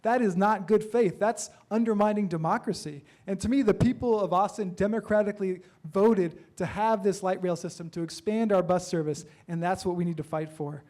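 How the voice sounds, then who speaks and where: High-voiced, eager man at a forum. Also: moderate pace, hardly any pauses, a little mellow. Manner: eager, stumbling restarts. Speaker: council candidate. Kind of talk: candidate forum answer.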